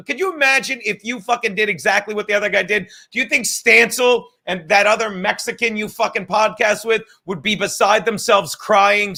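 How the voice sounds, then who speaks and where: A bright, forceful, high-pitched male voice with vocal fry belongs to a podcast host reading his live chat. Drunk right now by his own account, he swears, rants, and throws sarcasm at viewers he names, in meandering stream talk.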